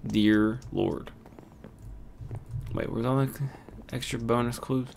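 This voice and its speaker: ゲーム実況をする若い男性、興奮気味でよく笑う、普通の高さの声. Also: male voice, mid-range voice, takes it slowly, gravelly, slight background noise. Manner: excitable, laughing, thinking aloud. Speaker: gamer. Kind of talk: casual game commentary.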